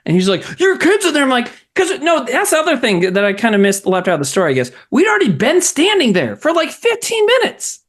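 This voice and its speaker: Animated man telling a story. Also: very high-pitched, quick pace, hardly any pauses. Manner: animated storyteller, acts out quotes. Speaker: podcast co-host. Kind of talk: casual chat.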